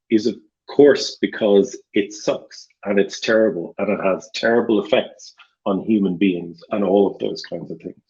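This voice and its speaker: A man speaking on a panel discussion over a video call, in a measured, analytical way with hesitant restarts. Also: on the low side, darkish tone. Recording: dull lo-fi audio.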